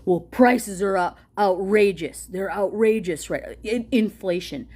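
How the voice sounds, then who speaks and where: A woman's voice: mid-range voice, darkish tone. Furious, profane woman ranting. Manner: heated, profane, rapid-fire and confrontational. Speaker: political commentator reading a policy document aloud. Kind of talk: angry direct-to-camera rant.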